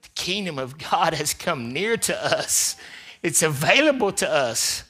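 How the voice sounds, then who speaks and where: A man preaching a sermon as pastor, repeating phrases for emphasis and swinging between loud emphatic peaks and quiet asides. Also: fairly high pitch, expressive, unhurried, slightly rough. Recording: live church service.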